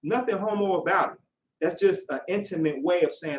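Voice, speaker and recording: High-voiced preacher in an echoey hall. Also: male voice, brisk. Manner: animated, acts out quoted voices; casual, conversational preaching. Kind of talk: sermon. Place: worship hall. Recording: echoey room, voice from far off.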